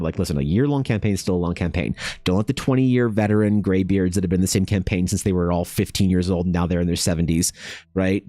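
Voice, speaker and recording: A man who streams and runs tabletop games, chatting casually with his viewers in a rambling, animated and profane way. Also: lowish voice, no echo. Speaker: streamer and dungeon master. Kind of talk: casual livestream chat.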